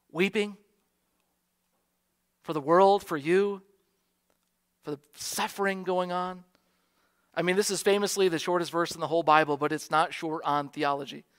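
An American man, a pastor, preaching a sermon in an earnest way, softly repeating key lines for emphasis. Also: fairly high pitch.

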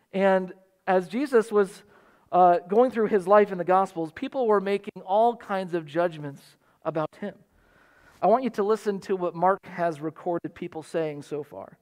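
A man's voice: sits high, measured pace, darkish tone. A middle-aged man preaching a sermon, telling stories and acting out the voices of the people he quotes. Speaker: pastor.

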